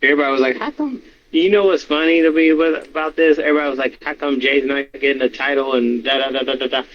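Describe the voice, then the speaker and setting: A man co-hosting a podcast, talking casually and animatedly, swearing a lot and acting out reactions in high yelps. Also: steady tone, quick pace. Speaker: podcast co-host. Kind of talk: casual wrestling chat. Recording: slightly dull with faint noise.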